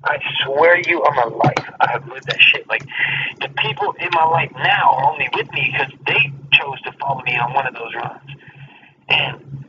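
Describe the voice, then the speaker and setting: A man's voice: mid-range voice, moderate pace. A man talking in a casual chat, boastful and profane, rambling with many fillers. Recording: distant, dull lo-fi mic with faint noise.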